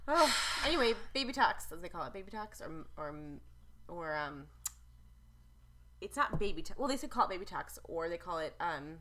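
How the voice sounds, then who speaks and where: A woman's voice: lowish voice, sing-song, normal speed, pauses often, noisy background. A woman in her thirties co-hosting a podcast, chatting casually, often laughing and restarting her sentences. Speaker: podcast co-host. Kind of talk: casual chat.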